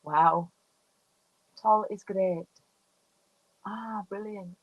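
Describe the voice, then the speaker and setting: A woman's voice: medium pitch, steady tone, very slow, no room sound, narrow, tinny audio. A woman in her fifties from the UK, chatting casually as she demonstrates card making and reads out viewer comments. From United Kingdom. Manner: chatty, talks through each step while working. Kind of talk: casual live crafting chat.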